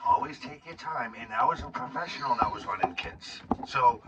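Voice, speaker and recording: A man co-hosting a casual chat breaks in with wisecracks and mock safety advice. His pitch swings widely as he jokes. He is well back from the mic, under a loud hiss. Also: animated, moderate pace, lo-fi sound. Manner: joking asides and mock safety tips. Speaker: co-host. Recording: distant mic with heavy hiss.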